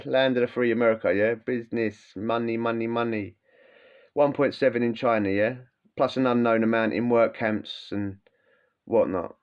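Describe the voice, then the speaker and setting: A man, a former prisoner, hosting a podcast in a blunt, animated, swearing rant. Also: mid-range voice, clean tone. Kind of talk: casual ranting monologue. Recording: dull lo-fi sound.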